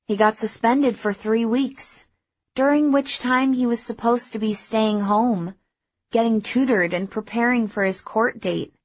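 A woman narrating a first-person story in a measured, even way. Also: fairly high pitch, dry recording, dull audio. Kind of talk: audiobook narration.

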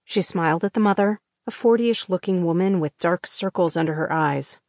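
A woman narrating an audiobook in a measured, tense suspense reading on a close studio mic. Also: fairly low pitch, expressive, darkish tone, no room sound. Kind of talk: scripted narration.

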